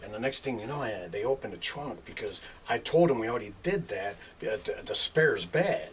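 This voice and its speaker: A man's voice: fairly low pitch, expressive, a little fast. A middle-aged man, a guest DJ telling rambling stories in casual chat, laughing and dropping filler asides. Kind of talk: casual storytelling. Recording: distant mic with faint background noise.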